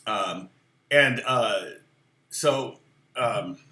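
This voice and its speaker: A man's voice: medium pitch, drawn-out words, roomy sound. A man teaching guitar on a casual live stream, chatting with viewers in a self-deprecating way and laughing often.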